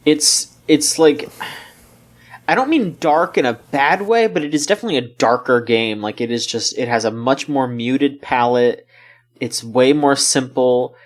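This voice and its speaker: A man co-hosting a gaming podcast, chatting casually in a relaxed, rambling way with frequent laughs. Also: mid-range voice, measured pace. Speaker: podcast co-host. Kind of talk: casual chat.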